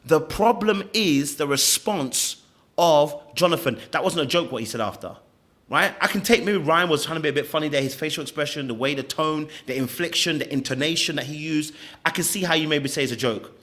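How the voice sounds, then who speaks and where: With a fairly high, slightly bright voice, a man hosts a podcast and reacts to clips at a brisk clip. His commentary is emphatic and opinionated, riddled with stammering restarts.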